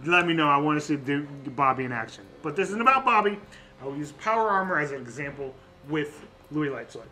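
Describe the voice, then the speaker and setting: Brief: playful male podcast co-host, high and bright, casual and cursing. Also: animated, fast talker, faint music behind, poor audio. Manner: joking, laughs often, swears casually. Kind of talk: casual chat about a tabletop game.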